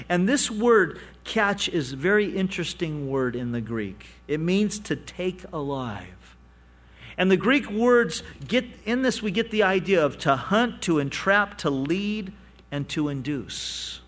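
A man preaching a sermon with a lively, swooping delivery, his voice climbing when he presses a point and falling low for softer asides. His voice sits a little higher than most men's. He tells a story well and keeps it moving. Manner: animated storytelling, rising for emphasis and dropping to quiet asides. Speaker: pastor.

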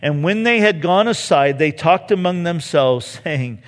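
A man's voice: a little high, animated, a little slow, hardly any pauses, long reverb tail. A man preaching a sermon, who keeps acting out the voices of the people he quotes. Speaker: pastor.

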